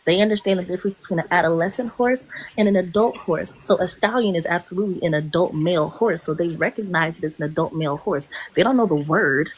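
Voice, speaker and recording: A woman's voice: fairly low pitch, fast, slight background noise, poor audio. A woman arguing in a heated online debate, insistent and repeatedly asking to hold the floor.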